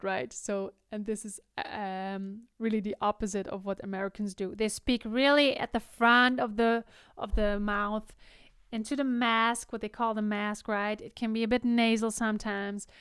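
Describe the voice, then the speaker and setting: Young woman, Dutch Limburg accent, singing teacher, explanatory, smooth voice, dry close sound. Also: mid-range voice, dry recording. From the Netherlands. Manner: explanatory, checks in with "right?". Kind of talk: vocal tutorial with sung demonstrations.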